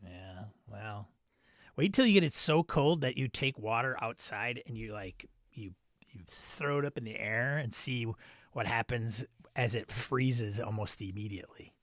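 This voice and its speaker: A man's voice: medium pitch, unhurried, fairly bright tone, no echo, clean studio sound. A man with a Midwestern American accent who hosts a casual livestream chat, joking, rambling and answering his chat. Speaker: host.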